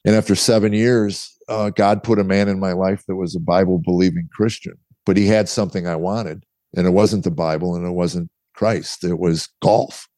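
A man's voice: low voice, fairly even intonation, moderate pace, hardly any pauses, warm tone, dry recording. A middle-aged man, a guest author, telling his story candidly in conversation and acting out the dialogue he quotes. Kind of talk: interview storytelling.

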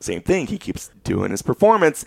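A man's voice: fairly high pitch, normal speed, vocal fry, dry recording. A man in his thirties telling a story in casual chat, acting out what people said. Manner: animated storyteller acting out quotes.

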